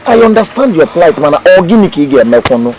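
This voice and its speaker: A man's voice: a little high, sing-song, fast, a little mellow, a little hiss or hum, poor audio. An actor playing an elder brother counseling his sibling, with a Nigerian accent. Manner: reasoning, counseling. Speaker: brother and mediator.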